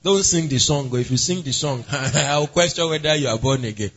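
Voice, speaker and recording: Male pastor, husky, interactive sermon, lo-fi stream sound. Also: medium pitch, animated, fairly quick, fairly bright tone. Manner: asks the congregation questions and calls on members by name.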